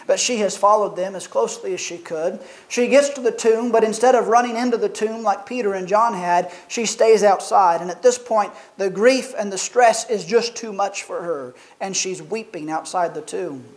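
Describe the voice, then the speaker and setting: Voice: mid-range voice, fairly even intonation, moderate pace, hardly any pauses, poor audio. A preacher reading a Bible passage aloud and then expounding it in an earnest, reflective sermon with rhetorical questions.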